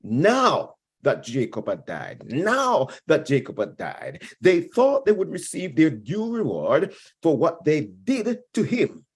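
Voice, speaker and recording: High, lively husky-voiced male preacher. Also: slow. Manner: emphatic preaching, repeats key phrases for stress; addresses congregation directly. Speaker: pastor. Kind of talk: sermon.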